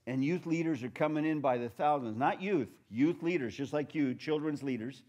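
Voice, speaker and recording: Storytelling preacher, fairly high voice. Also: male voice, normal speed, highs cut off. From Portland, United States. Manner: storytelling, humorous, rising to shouts. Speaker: pastor. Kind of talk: sermon.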